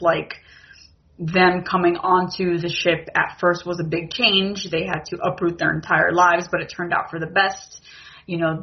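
Giggly woman recapping a TV episode. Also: fairly low pitch. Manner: chatty, giggly, filler-heavy. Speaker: podcast co-host. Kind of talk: casual TV recap chat. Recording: muffled lo-fi audio.

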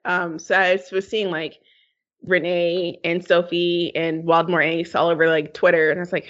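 A woman's voice: lowish voice, fairly even intonation, fairly bright tone. A woman chatting casually as a podcast co-host, rambling and laughing often. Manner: giggly, rambling, quick to laugh. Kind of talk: casual chat. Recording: slightly dull lo-fi sound.

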